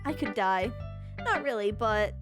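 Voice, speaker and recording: A woman's voice: mid-range voice, animated, a little slow, over music, lightly acted. A woman reading aloud as a shy, obsessive young woman in a video game, gushing with fervent adoration.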